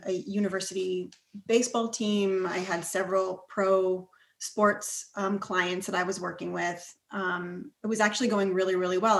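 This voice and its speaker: A woman guest telling her story in an earnest, energetic way. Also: mid-range voice. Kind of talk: casual storytelling. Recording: roomy echo.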